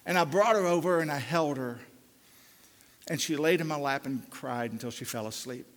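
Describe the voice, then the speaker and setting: Older preacher in a reverberant hall. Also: male voice, moderate pace. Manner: swings from loud fervent climbs to hushed low pleading. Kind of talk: sermon.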